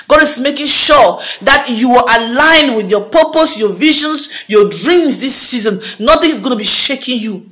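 A woman's voice: animated, moderate pace, a bit bright. A woman minister giving a prophetic declaration to a video audience, fervent and repetitive, restating each phrase again and again. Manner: rising to a fervent high pitch at climaxes.

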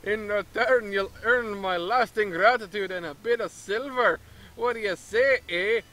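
Guy doing a hammy fake-canadian merchant, scheming, tacks eh on everything, bright high voice. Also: measured pace, rough recording. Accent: mock Canadian, tagging "eh" onto lines. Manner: reading dialogue aloud, hammy and conspiratorial. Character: scheming middle-aged male town merchant.

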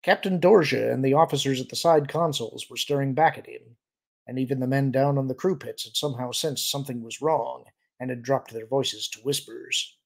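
A man's voice: medium pitch, fairly even intonation, a little fast, creaky. A man narrating a novel as an audiobook reader, reading steadily.

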